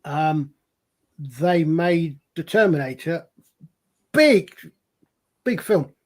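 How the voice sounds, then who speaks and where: Rambling man, fairly high voice. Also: animated, drawn-out words. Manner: rambling, explanatory storyteller. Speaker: podcast co-host. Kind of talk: casual chat.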